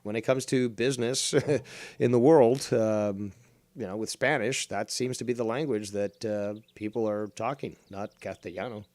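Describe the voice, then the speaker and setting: A man's voice: fairly low pitch, fairly even intonation, moderate pace, a little mellow, no room sound. A man streaming, chatting bluntly and casually, with lots of swearing and fillers.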